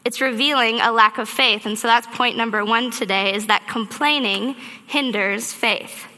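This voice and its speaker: A woman preacher giving a sermon, telling a story in a lively way and acting out her own thoughts. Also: a little high, normal speed. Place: church auditorium. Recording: reverberant hall.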